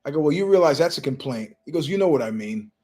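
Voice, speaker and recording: A man hosts his own show in a rambling, storytelling monologue from his living room. His voice sits a little higher than most men's. He slips into the voices of the people he quotes. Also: lively intonation, quick pace, warm tone. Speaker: show host.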